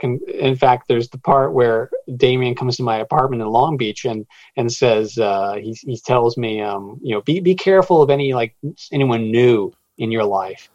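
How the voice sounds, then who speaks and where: A man's voice: mid-range voice, a little mellow, no echo, dull audio. A man being interviewed about his book, retelling a strange encounter with many stammered restarts and quoted voices. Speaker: author guest. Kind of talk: storytelling interview.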